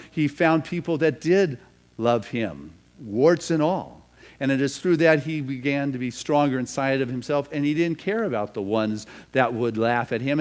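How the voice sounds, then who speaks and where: A male pastor telling a story in a sermon, animated and building to loud emphasis. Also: mid-range voice.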